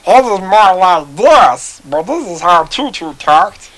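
Squeaky, shrill little fairy, excitable, slow and swooping. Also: male voice, exaggerated voice, low-quality recording. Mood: excited. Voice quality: squeaky, high.

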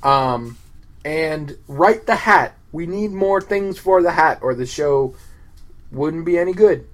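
A man's voice: fairly high pitch, animated, takes it slowly. A man co-hosting a podcast in casual chat, joking, teasing and a bit crude. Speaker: podcast co-host.

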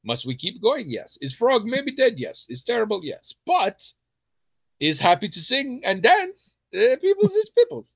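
A man voicing an older male diner owner who gives comforting pep talks in broken English, with halting question-and-answer phrasing. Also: extremely high pitch, wildly swooping pitch, a bit bright, no room sound, lo-fi sound, pitched above the performer's own voice, exaggerated voice. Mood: earnest.

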